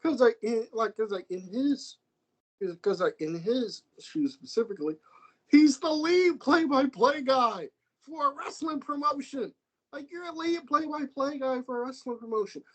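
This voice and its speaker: An American man talking wrestling on a casual podcast, animated and swearing, repeating himself as he rants. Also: very high-pitched, moderate pace, husky, poor audio. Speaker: podcast co-host.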